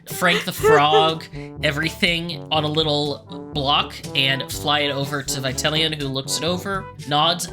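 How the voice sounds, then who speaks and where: Low-pitched woman game master, relaxed narration, guitar music under. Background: background music.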